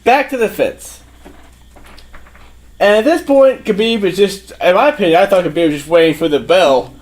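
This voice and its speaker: High-voiced man giving excited play-by-play. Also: normal speed. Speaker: podcast co-host. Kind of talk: casual podcast chat.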